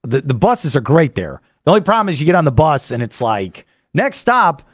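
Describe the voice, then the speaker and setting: A man hosting a sports radio show, telling a rambling, excitable story full of fillers into a studio microphone. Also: mid-range voice, fairly quick, husky, no room sound. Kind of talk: animated monologue recapping a trip.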